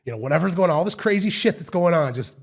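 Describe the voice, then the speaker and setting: Guy telling wild home inspection stories, super animated, does the voices. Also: on the high side, very fast. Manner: animated, acts out quoted voices loudly. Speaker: home inspector, podcast guest. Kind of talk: casual storytelling.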